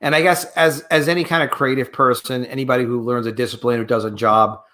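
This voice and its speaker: A man's voice: mid-range voice, fairly even intonation, fast talker, fairly bright tone. A man hosting a casual conversation, reflectively summing up his guest's points. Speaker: host.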